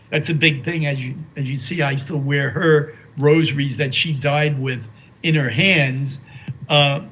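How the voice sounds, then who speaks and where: An older man talks in an interview with a slightly raised pitch, remembering his late wife with emotion. He pauses and restarts often, filling gaps with hesitations. When he reads aloud he slows into a reverent pace. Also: pushed and bright, low-quality recording. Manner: halting, with many fillers and restarts; slow and reverent while reading a poem aloud. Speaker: interview guest.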